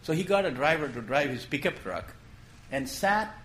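A man preaching a sermon in a gentle storytelling way, posing questions and then dropping his voice to make a point. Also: fairly high pitch, animated, normal speed. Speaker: pastor.

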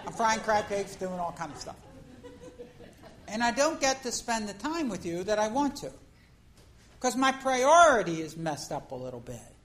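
A woman preacher giving a conversational sermon, telling a story in an animated way and acting out the scenes. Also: mid-range voice, low-quality recording.

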